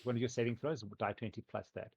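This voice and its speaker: A man's voice: mid-range voice, steady tone, fast talker, gravelly, slight background noise. Laid-back man narrating a tabletop game. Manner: loose, hedging description with many fillers. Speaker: game master. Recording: dull lo-fi recording.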